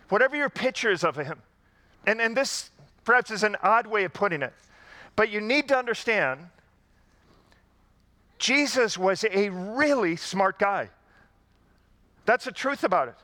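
Bright, high-voiced man preaching. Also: no echo. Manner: conversational preaching, rhetorical questions, emphatic repetition. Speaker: pastor. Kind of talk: sermon.

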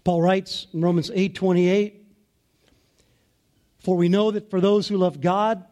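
Slow, emphatic high-voiced preacher man. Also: fairly even intonation, warm tone. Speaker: pastor. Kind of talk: sermon.

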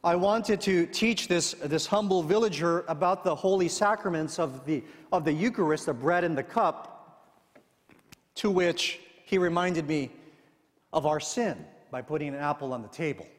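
A man voicing a flustered Orthodox priest who explains haltingly, with fumbles and fillers, how he lost. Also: a little high, long reverb tail, close to an everyday voice. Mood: sheepish.

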